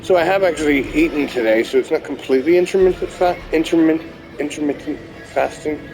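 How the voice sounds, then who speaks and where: A man's voice: on the high side, quick pace, darkish tone, poor audio. A young man giving casual, rambling commentary while playing a video game, swearing now and then. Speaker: gamer. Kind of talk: casual let's-play commentary. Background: game music.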